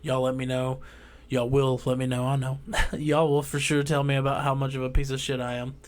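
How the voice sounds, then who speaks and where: A man with a drawl delivering a heated, profane ranting monologue as a vlogger, swinging between loud outbursts and quiet asides. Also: mid-range voice, level tone, a little fast.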